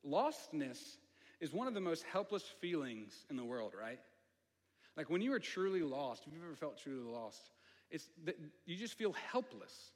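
A man's voice: a little high, sing-song, normal speed. Southern man telling a story in a reverberant hall. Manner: conversational with asides to the audience. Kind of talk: storytelling sermon.

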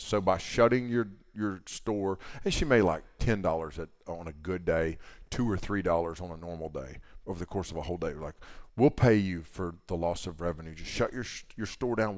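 A middle-aged man preaching at a youth camp, telling a story in an animated way, acting out the dialogue and swinging from loud to hushed. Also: sits low, dry recording. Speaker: camp speaker.

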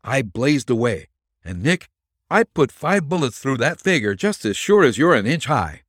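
A man reading a detective story aloud, voicing an excitable young male sidekick who tells his tale eagerly and with emphasis. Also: medium pitch, moderate pace, no echo, clean studio sound, pitched above the performer's own voice. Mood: excited.

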